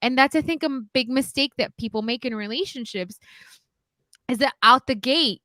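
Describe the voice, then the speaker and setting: A woman with a bright, higher voice gives her opinions bluntly in casual podcast chat, cursing without holding back. She is recorded close on a dry mic. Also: normal speed, no room sound. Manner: blunt, opinionated, swears freely. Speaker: podcast co-host.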